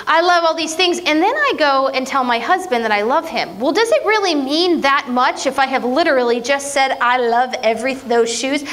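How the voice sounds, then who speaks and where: A woman preaching a conversational sermon, playful and self-mocking, with lively jokes. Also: sits high, fairly quick.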